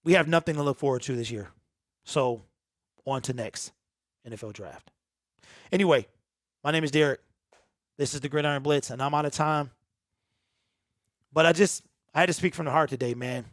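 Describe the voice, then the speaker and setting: Sports channel host, male, emotional and emphatic, repeats his points, pitched a touch high, dry and close. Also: normal speed, pauses often, a bit bright, no room sound. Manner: emphatic, repetitive, earnest and emotional. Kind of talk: raw unedited monologue to camera.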